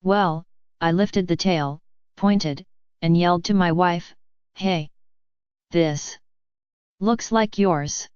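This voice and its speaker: A woman voicing an injured man from a golf course, telling his story in a flat, even way. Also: lowish voice, slow pace, pauses often, smooth, dry recording. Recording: dull lo-fi dry recording.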